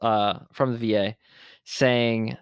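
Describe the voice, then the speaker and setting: A man's voice: mid-range voice, slow pace, clean tone, no echo. Buffalo guy in his 40s, podcast guest, blunt and sweary, dry close sound. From Buffalo, New York. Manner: blunt and profane, animated retelling. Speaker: podcast guest, veteran entrepreneur. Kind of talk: candid interview storytelling.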